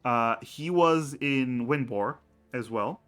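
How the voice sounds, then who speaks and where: Slow halting guy running a tabletop game, explaining lore, lots of uh's. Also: mid-range voice, a bit bright, clean tone, faint music behind. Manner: halting, with many fillers and restarts. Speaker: game master. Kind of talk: explaining campaign lore on a stream.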